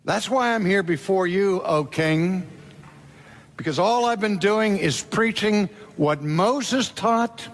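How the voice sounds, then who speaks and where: A man playing a calm, earnest apostle pleading his case before a king. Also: high voice, slow. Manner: unruffled, solemn and earnest.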